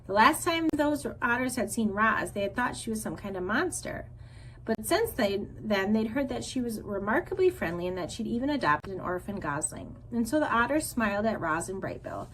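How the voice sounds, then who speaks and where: Expressive woman reading a children's book. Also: fairly high pitch, normal speed, slight background noise, rough recording. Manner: expressive storytelling. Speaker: teacher reading aloud. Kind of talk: reading a children's novel aloud.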